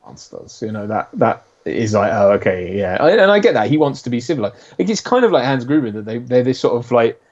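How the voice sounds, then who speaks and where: A man talking films with a friend on a casual podcast, his voice a touch muffled and lo-fi. He chats loosely, laughs often and mimics lines from the movie, with a middle-pitched tone. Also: sing-song, fast, hardly any pauses, darkish tone. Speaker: podcast co-host. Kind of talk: casual film commentary chat. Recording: slightly dull lo-fi audio.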